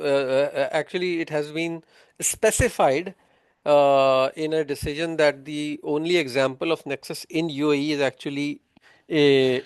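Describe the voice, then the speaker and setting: Clear-voiced, fillers-heavy tax instructor, a man. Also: on the high side, no echo, clean studio sound. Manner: explains patiently, quizzing students, many fillers. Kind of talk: interactive online lesson.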